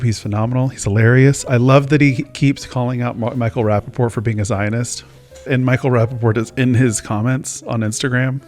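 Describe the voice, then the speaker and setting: A man hosting his own casual talk show, rambling and joking at his own expense. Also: medium pitch. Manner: rambling, self-mocking, chatty. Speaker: host. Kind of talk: casual chat.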